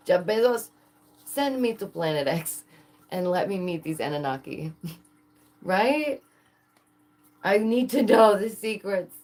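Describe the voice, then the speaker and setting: A woman vlogger chatting to camera, excitable and full of rhetorical questions to her viewers, laughing often. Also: mid-range voice, slow, pauses often. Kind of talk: casual chat to camera.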